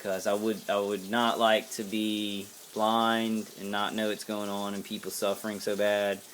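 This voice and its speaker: A man's voice: fairly low pitch, slight background noise. An American man giving a casual to-camera monologue as a vlogger, angry, profane and rambling with many fillers and restarts. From United States.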